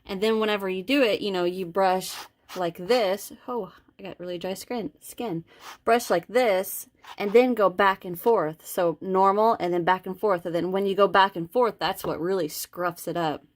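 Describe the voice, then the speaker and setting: A woman hosting a homemade crochet tutorial, talking in a loose, rambling way with plenty of ums and false starts. Her pitch sits in a middling range for a woman. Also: moderate pace. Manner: chatty and rambling, with frequent ums and restarts. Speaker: crochet channel host. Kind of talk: casual tutorial talk.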